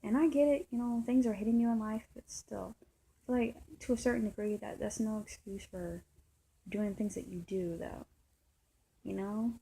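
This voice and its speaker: Rambling, frustrated woman with a mellow voice. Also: medium pitch, steady tone, normal speed, creaky, breathy edge, low-quality recording. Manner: rambling, filler-heavy, frustrated. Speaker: vlogger. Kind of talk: casual storytelling monologue.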